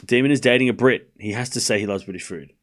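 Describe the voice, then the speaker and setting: Fast and a bit bright, with a medium pitch, this young Australian's voice carries his live tennis watchalong. He reads out scores and jokes sarcastically with his chat.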